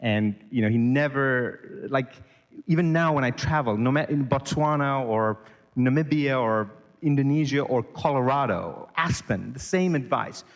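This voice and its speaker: A middle-aged man from Sri Lanka tells a story as a podcast guest, animated and quick to act out the voices. His voice sits in a middle pitch. It trails off with a long reverb. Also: lo-fi sound.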